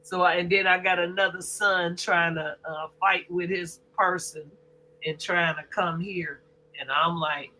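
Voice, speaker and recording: An older woman hosting a casual live stream, loud and profane, often laughing as she trash-talks. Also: fairly low pitch, very animated, takes it slowly, pauses often, a little hiss or hum, rough recording. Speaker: livestream host.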